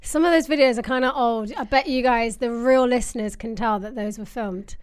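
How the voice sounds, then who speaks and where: A young woman trades quick jokes as a podcast co-host. Her voice is high and the sound is dry. Her tone stays casual and teasing. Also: smooth, dry recording. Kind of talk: casual chat.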